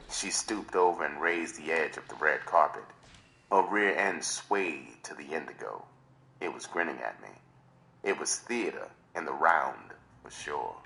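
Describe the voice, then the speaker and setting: A man's voice: extremely low pitch, very animated, unhurried, creaky, bright, forceful tone. A man reading a novel aloud on a live stream in dramatic first-person narration. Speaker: reader.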